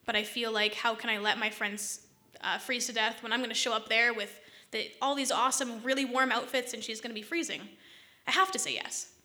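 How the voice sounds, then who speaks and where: A woman tells a personal story in a casual, chatty voice, exasperated and quick with asides. Her voice sits a little high and sounds bright and tense. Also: steady tone. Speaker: vlogger telling a personal story.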